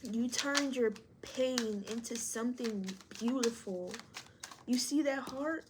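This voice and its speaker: A woman's voice: on the high side, takes it slowly, background noise. A woman reading tarot to camera, encouraging and speaking straight to the viewer, thinking aloud as she pulls cards. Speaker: tarot reader.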